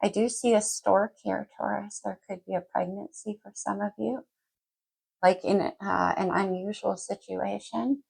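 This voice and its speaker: A woman's voice: mid-range voice, steady tone, a little slow, vocal fry, darkish tone, husky, poor audio. A woman giving a casual general tarot reading, talking straight to the viewer and wandering off her thread before picking it back up. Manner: rambling, loses and picks up her thread; talks straight to the viewer by sign. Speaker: tarot reader.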